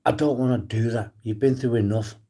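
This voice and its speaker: A man's voice: medium pitch, fairly even intonation, a little fast, mellow. A man talking straight to his viewers on a live stream, defiant, swearing freely and calling out people in the chat by name. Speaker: livestreamer. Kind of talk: rambling live stream monologue.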